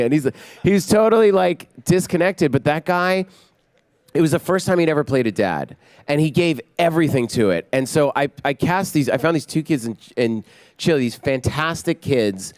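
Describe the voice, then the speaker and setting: A man in his forties, a film director telling lively anecdotes in an interview and acting out what others said. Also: fairly high pitch, normal speed, no echo. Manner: energetic anecdotes, acting out quotes. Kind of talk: animated storytelling in an interview.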